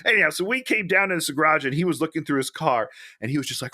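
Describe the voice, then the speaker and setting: A man's voice: on the high side, quick pace, few pauses, no room sound. A man co-hosting a podcast in a casual movie review chat, telling stories with animation and laughing often. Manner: animated storyteller, acts out quotes, laughs often. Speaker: podcast co-host.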